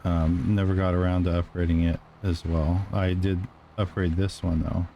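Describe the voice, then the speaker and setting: Male streamer, low voice, mellow tone, rambling gameplay chat, faint room noise. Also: level tone, normal speed, gravelly, dull audio. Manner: rambling, many ums and uhs. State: clearing throat, dusty room. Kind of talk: casual gameplay commentary.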